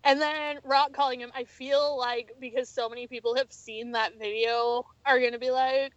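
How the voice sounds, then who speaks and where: A woman's voice: on the high side, steady tone, moderate pace, few pauses, dry recording, muffled recording. A woman co-hosting a casual wrestling podcast, blunt and a bit exasperated. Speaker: podcast co-host.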